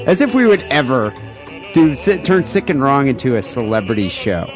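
A man co-hosting a podcast in casual, irreverent chat, animated and often restarting his sentences. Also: mid-range voice, normal speed, music in the background. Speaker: podcast co-host. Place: home studio in LA.

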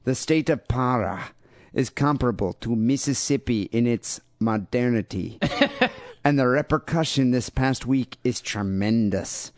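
A man's voice: mid-range voice, a little mellow, no echo, lightly acted. Give me a man playing a listener with an exaggerated fake Brazilian accent, hammy and overdone. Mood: mock-earnest. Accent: put-on Brazilian. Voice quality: deliberately bad, hammy accent. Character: male listener reading his own email, exaggerated.

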